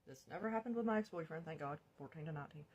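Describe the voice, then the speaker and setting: A woman's voice: deep voice, rapid-fire, a little mellow, husky. A woman vlogger telling her own life story in a blunt, confessional storytime, swearing freely. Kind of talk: candid storytime.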